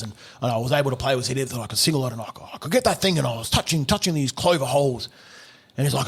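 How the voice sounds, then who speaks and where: A middle-aged man, a gunsmith telling a story on a podcast, animated, swearing and laughing often. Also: a little high, fairly quick, husky. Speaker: gunsmith guest.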